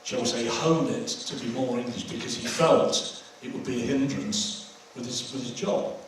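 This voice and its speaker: A man's voice: mid-range voice, steady tone, normal speed, recorded from a distance, slight background noise. Older man hosting Q&A in an echoey hall. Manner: chatty, anecdotal, with restarts. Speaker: host taking audience questions. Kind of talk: audience Q&A after a film screening. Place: screening hall.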